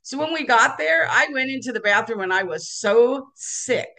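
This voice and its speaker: A woman being interviewed as a guest speaker, telling stories in an animated way and acting out the people in them. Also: a little high, normal speed. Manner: animated, acts out the voices in her stories. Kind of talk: casual interview storytelling.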